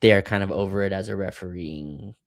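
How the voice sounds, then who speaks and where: A man with a fairly low voice talks through a basketball game as a podcast co-host, casual and analytical. He hedges his opinions and thinks out loud. His voice sounds dry and close, with no room around it. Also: a little fast, dry recording. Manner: analytical, hedging. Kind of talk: casual sports recap chat.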